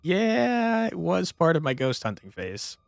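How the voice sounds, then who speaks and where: A man's voice: a little high, huge pitch swings, measured pace, gravelly, soft background music, pitched above the performer's own voice, exaggerated voice. A man voicing an upbeat young woman ghost hunter who chats in a breezy way. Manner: chatty and breezy.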